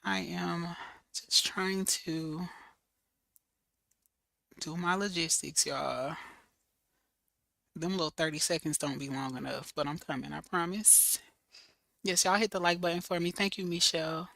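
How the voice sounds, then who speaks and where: A hoarse woman hosts a casual livestream and greets her viewers one by one. She talks slowly in a relaxed, familiar way. Her raspy voice has a bright, forceful edge, and the sound is dry and close. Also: on the low side, dry recording, poor audio. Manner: chatty, greets viewers by name, loose and familiar. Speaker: livestream host.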